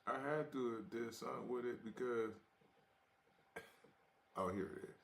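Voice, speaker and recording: A man's voice: medium pitch, fairly even intonation, normal speed, creaky. A man from Ohio hosting a casual reaction video, talking in slang with a mocking, amused manner. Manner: slangy, mocking, laughs often.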